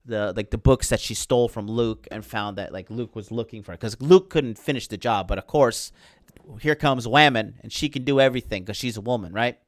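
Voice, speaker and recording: A man's voice: mid-range voice, brisk, dry recording, studio quality. A man hosting a livestream and ranting in a heated, profane, rambling way, sleepless late at night. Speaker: podcast host.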